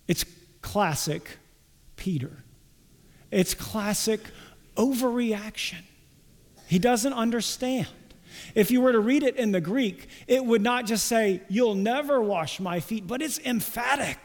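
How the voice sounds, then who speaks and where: Slow, high-voiced preacher in a hall. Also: male voice, animated. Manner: slow, deliberate preaching with emphatic quoted lines. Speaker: pastor. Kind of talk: sermon.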